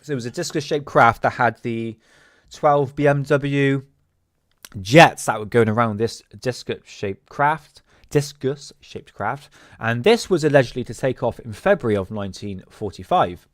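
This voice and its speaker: A man's voice: medium pitch, animated, moderate pace, no echo, studio quality. A man hosting a casual solo talk, rambling with many fillers and restarts. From England. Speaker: host.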